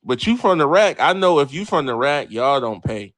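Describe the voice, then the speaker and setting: A man's voice: fairly high pitch, normal speed, no echo. Brash man riffing to his live chat. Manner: brash, animated, reads and answers chat, swears freely. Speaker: livestream host. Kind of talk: casual profane sports talk to live chat.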